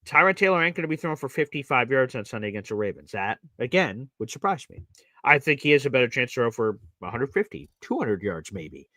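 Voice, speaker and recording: A man hosting a live sports reaction show, talking bluntly and with lots of opinion, now excited, now muttering. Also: mid-range voice, fast talker, no echo, clean studio sound.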